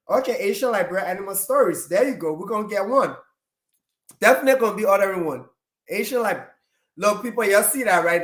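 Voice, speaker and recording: Woman, talk show host, mid pitch, enthusiastic, echoey room, video call. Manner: enthusiastic, talks straight to viewers. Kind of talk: casual interview chat.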